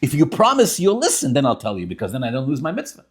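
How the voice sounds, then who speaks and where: A stubborn old Hasidic rebbe, put on by a man telling the story, answers everything in a dry, matter-of-fact way. His voice rises and falls in a lively line while he calmly refuses to give in. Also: mid-range voice, fast, breathy edge, pitched above the performer's own voice. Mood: teasing.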